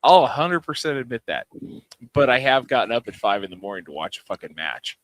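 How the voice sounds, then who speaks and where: A man's voice: mid-range voice, big pitch swings, a little fast, fairly bright tone. A man co-hosting a podcast, giving blunt, profane opinions in casual chat. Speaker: podcast co-host.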